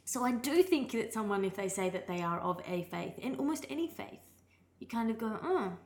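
A woman co-hosting a podcast, dry and deliberate in her wry remarks. Her voice has a gravelly, fry-laced texture. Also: fairly high pitch, expressive, a little mellow. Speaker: podcast co-host. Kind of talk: casual chat. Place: house.

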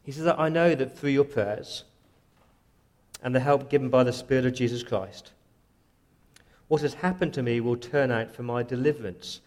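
A man's voice: mid-range voice, moderate pace, pauses often, a little mellow. Earnest male pastor preaching. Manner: earnest, voices Paul's prayers in first person. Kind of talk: sermon.

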